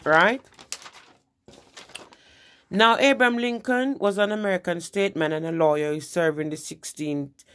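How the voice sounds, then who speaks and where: A woman's voice: fairly low pitch, steady tone, normal speed, pauses often. A woman giving an informal history lesson in a conversational way, often restarting phrases. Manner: conversational, with frequent restarts and "you know". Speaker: presenter.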